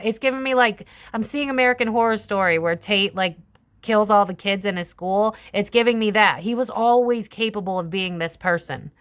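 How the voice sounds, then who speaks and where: A young woman, a tarot reader who hosts her own channel, chats casually through a psychic reading, swearing freely and slipping into other people's voices. Her medium-pitched voice is clear and resonant, moving a little fast.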